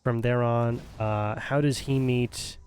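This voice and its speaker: A man's voice: mid-range voice, fairly even intonation, takes it slowly, a little mellow, smooth. A man streaming a game, thinking aloud in casual, hesitant commentary.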